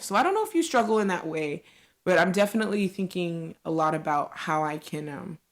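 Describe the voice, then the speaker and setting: Candid woman hosting a solo podcast. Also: fairly low pitch. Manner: candid, reflective, many "like" fillers. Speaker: podcast host.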